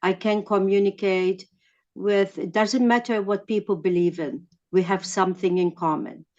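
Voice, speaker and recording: A woman sharing her thoughts in an online class, halting and heartfelt, on a video call. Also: mid-range voice, steady tone, darkish tone, highs cut off. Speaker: class participant.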